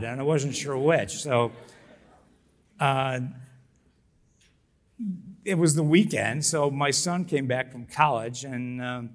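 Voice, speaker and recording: A middle-aged man, a business founder, telling his story as an interview guest with lively energy, laughing often and acting out what people said. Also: mid-range voice. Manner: animated, laughs often, acts out quotes.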